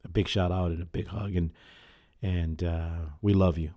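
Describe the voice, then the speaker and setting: A man hosting his own podcast, talking earnestly in a halting, casual way with many fillers and restarts. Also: sits low, steady tone, dark tone. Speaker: podcast host. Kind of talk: casual solo podcast talk.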